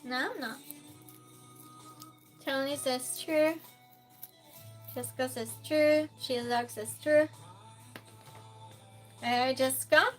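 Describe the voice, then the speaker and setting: Woman streamer hosting a quiz, high voice, unhurried, reads chat aloud, switches between loud and hushed. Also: steady tone, faint music behind. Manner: reads chat aloud, slow and chatty, swings between loud outbursts and soft near-whispers. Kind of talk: casual live-stream chat.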